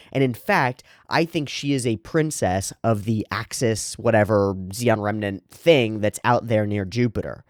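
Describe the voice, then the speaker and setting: A man's voice: fairly low pitch, no room sound, studio quality. A man hosting an anime reaction video, chatting casually about what he sees and reading lines of dialogue aloud. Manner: animated, quotes dialogue and muses aloud, swears casually.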